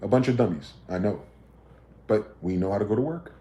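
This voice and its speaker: A man rants on a livestream, swearing freely and pressing listeners with combative rhetorical questions. His voice sits in a mid range with a dark, mellow tone, and his room gives it a noticeable echo. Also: lowish voice, expressive, a little fast, lo-fi sound. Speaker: livestream host. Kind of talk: ranting livestream monologue.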